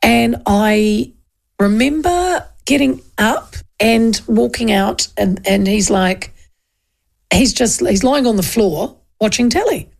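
A woman's voice: on the high side, expressive, slow pace, vocal fry, a little mellow. A woman, hosting a casual radio show and chatting in a rambling, self-interrupting way. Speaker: radio host.

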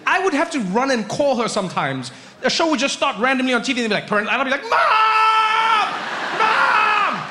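Young guy doing stand-up, high bright voice, animated storyteller. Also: very fast, big-room sound. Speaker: stand-up comedian. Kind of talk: stand-up routine.

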